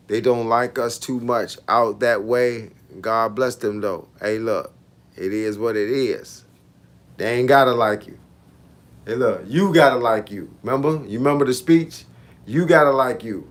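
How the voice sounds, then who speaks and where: A man's voice: mid-range voice, fairly bright tone. Laid-back man in his fifties. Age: 50s. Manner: laid-back slangy banter, frequent laughs, addresses viewers directly. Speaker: fitness coach livestreaming. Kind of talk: casual livestream chat with viewers.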